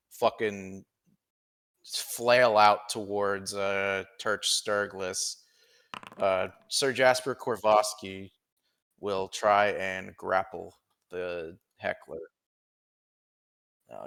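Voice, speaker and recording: Guy running a tabletop game, slow gravelly low voice, swears a lot. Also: a bit bright. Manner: rambling, profane, chuckling. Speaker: game master.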